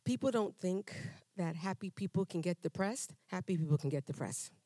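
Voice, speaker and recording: Woman, church testimony, animated conversational storyteller, dry close sound. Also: fairly low pitch, normal speed, no room sound. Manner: animated storyteller, acts out dialogues with humor; conversational with frequent restarts. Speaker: church member giving testimony. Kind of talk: personal testimony to a congregation. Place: church hall before a congregation.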